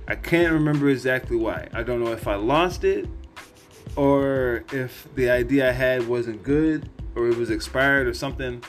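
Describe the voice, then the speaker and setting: A man's voice: medium pitch, moderate pace, soft background music. A man hosting a podcast, telling a personal story in a candid, rambling way with plenty of cursing. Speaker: podcast host.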